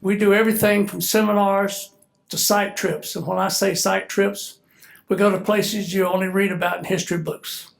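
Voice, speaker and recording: At an event, a retired military officer delivers a relaxed speech full of jokes while slightly congested and stuffy. He's an older Georgian with a Southern US accent, and his high-pitched, creaky voice moves at normal speed with little inflection.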